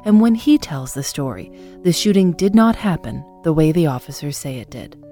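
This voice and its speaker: A woman hosting a documentary podcast, telling the story in calm, measured scripted narration. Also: deep voice, faint music behind.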